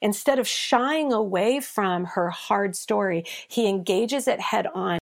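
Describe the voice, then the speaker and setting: Her voice is mid-range and her pace measured as this woman, a pastor and author, joins the conversation as a guest. She talks about faith with passion, in the earnest cadence of a preacher, taking on the voices of biblical figures with mounting intensity.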